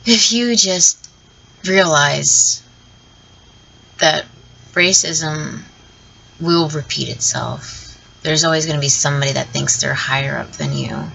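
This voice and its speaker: A woman's voice: low-pitched, sing-song, takes it slowly, vocal fry, long pauses, sharp tone, a little hiss or hum, low-quality recording. A woman from the southern United States, ranting her opinions in a vlog, blunt and profane, laughing often between points. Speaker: vlogger. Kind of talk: opinion rant to camera.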